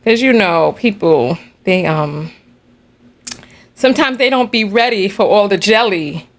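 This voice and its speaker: A woman hosting a casual livestream, telling a story in an animated, chatty way and laughing between remarks. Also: medium pitch, a little slow. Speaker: livestream host.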